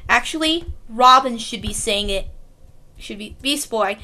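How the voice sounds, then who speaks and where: A woman's voice: fairly high pitch, expressive, a little slow, bright, forceful tone. A woman streamer narrating a toy role-play story, chatty and giggly, jumping between narration and character voices.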